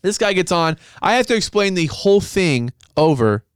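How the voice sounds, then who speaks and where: A man casually telling a story in an animated, profane way, peppered with "like" and "dude.". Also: sits high, normal speed, smooth, no room sound, studio quality. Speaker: storyteller in a podcast chat. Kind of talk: casual chat.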